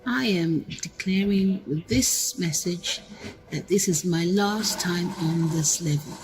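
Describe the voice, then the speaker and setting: A woman's voice: fairly low pitch, takes it slowly, background noise. A woman recording a short, purposeful testimony declaration. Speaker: testimony giver.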